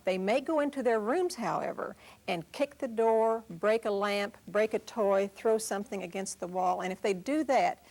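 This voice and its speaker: A woman parenting expert giving calm, direct advice on discipline and answering a caller's question. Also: mid-range voice, normal speed, hardly any pauses. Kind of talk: instructional talk and call-in advice.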